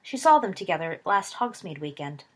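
A woman voicing a sharp-tongued teenage schoolgirl who speaks tartly. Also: fairly low pitch, big pitch swings, normal speed. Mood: smug. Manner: tart, acerbic.

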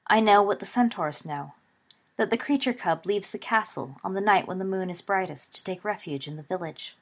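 A woman voicing a calm, solemn young male centaur who speaks slowly and formally, with a husky voice. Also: medium pitch, lightly acted. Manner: slow, measured and formal.

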